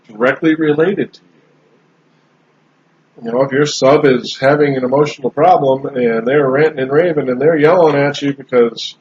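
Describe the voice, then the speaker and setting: A man in casual podcast chat, talking in a relaxed, rambling way with frequent restarts. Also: mid-range voice, normal speed. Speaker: podcast host. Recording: slightly dull lo-fi sound with faint background noise.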